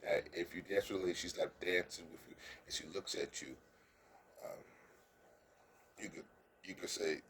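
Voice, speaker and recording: A man with a deep, steady, fairly bright voice gives casual dating advice to the camera, earnest and coaching. He's halting, repeats words, stumbles often, and keeps checking "you understand?" There's slight background noise.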